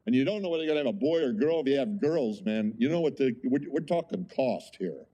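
A man's voice: medium pitch, lively intonation, fast, dark tone, dull audio, a little hiss or hum, close to an everyday voice. A male preacher mimicking a self-centered worldly man who whines in an exasperated, mocking tone about what children cost.

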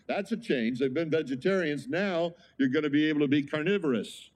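A man's voice: on the high side, brisk, hardly any pauses, a little mellow. A man preaching a sermon as pastor, conversational, with frequent rhetorical questions to the congregation.

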